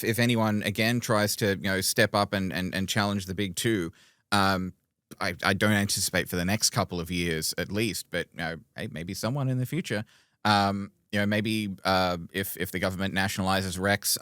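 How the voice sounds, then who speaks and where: A man co-hosting an aviation podcast in a low, smooth and resonant voice. He talks casually, stopping and restarting often. The sound is dry and close. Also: fairly bright tone, no echo. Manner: hesitant, many restarts. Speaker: podcast co-host, aviation journalist.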